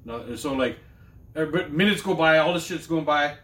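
Profane storytelling man in an echoey room. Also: a little high. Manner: profane, animated storyteller with drawn-out pauses. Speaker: podcast co-host. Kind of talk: casual storytelling chat.

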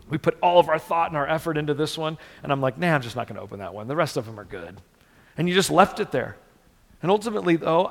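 Man, pastor, gravelly voice, earnest sermon, long hall reverb. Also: a little high. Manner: earnest, repeats words for emphasis.

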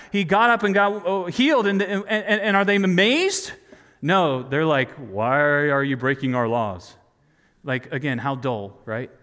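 A man delivers a sermon in a conversational, questioning manner, often putting rhetorical questions to his listeners. His voice sits fairly high for a man. A long reverb trails behind him in a large hall. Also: fairly bright tone. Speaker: preacher.

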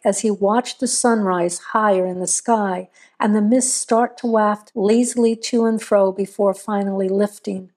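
A woman reading a scripted horror story aloud in a measured, steady storytelling voice. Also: medium pitch. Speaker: narrator.

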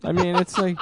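A man co-hosting a casual podcast chat, jokey and animated, often trailing off mid-thought. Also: high voice, vocal fry, background noise. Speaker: podcast co-host.

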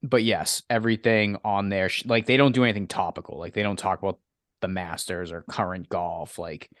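A man's voice: low-pitched, fairly even intonation, brisk, a bit bright, no room sound, studio quality. A man co-hosting a golf podcast, speaking bluntly in short clipped answers with plenty of swearing. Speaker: podcast co-host. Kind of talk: casual chat.

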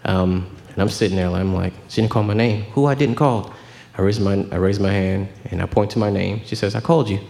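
A man's voice: fairly low pitch, fairly even intonation, brisk, vocal fry, hardly any pauses, dark tone. A young man from Miami whose first language was Haitian Creole, telling stories in a casual interview and acting out the voices. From Miami, Florida. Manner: storytelling, acts out voices with laughter. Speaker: bandleader. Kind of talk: casual radio interview chat.

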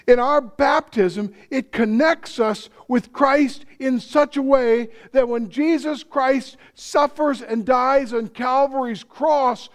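A man preaching a sermon, deliberate and emphatic, posing rhetorical questions and dropping low and soft on solemn points.

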